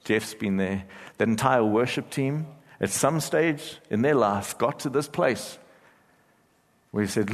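A man preaching a sermon as pastor, talking earnestly, growing intense and later dropping to a hushed prayer. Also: mid-range voice, unhurried. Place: church hall. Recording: church hall reverb.

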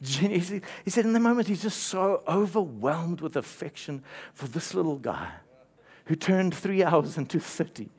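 A man's voice: on the high side, lively intonation, normal speed, darkish tone, husky. Storytelling male preacher. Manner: storytelling with playful asides and light laughter. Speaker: pastor. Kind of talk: sermon.

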